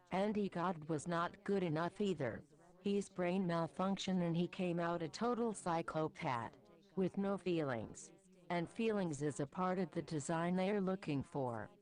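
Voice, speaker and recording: A woman doing a gruff, crude goat devil. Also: fairly low pitch, a little mellow, lightly acted. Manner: crude and swearing. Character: small, crude, hot-tempered male goat devil.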